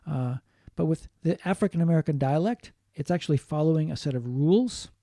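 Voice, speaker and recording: A man lecturing on linguistics in a mellow, fairly high voice, recorded dry and close. He explains patiently, repeating key points and slipping in short Japanese glosses. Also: brisk, no echo. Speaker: linguistics teacher. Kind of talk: online lecture.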